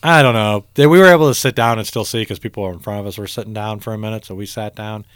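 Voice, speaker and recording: A man's voice: on the low side, fast talker, clean tone, dry recording, clean studio sound. A man co-hosting a podcast, telling concert stories in a casual, profane way. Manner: profane, animated storytelling. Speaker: podcast co-host. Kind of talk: casual chat.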